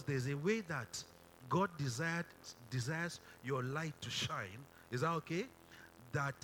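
A man's voice: on the high side, fairly bright tone, a little hiss or hum. A man preaching a sermon from a stage in a hall, often quizzing the crowd to finish verses and repeating phrases for emphasis.

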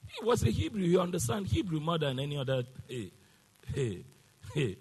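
A man's voice: fairly high pitch, huge pitch swings, normal speed, darkish tone, slightly rough, in a large hall. A man preaching a sermon, emphatic and call-and-response, sometimes half-singing his exclamations.

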